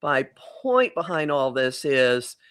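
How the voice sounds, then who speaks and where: A woman's voice: extremely low pitch, very animated, slow, clean tone. A middle-aged woman astrologer, a podcast guest, talking reflectively and rephrasing mid-thought. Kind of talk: casual conversational podcast.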